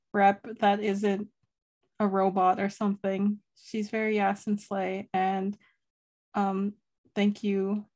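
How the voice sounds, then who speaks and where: A woman's voice: medium pitch, a little mellow. Young woman co-host with a mid-range voice, rambling and giggly in loose chat. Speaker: podcast co-host. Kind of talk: casual fan discussion.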